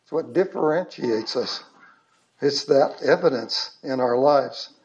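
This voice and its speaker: Guy preaching a sermon real slow and earnest, kinda high voice, muffled lo-fi sound. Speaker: pastor.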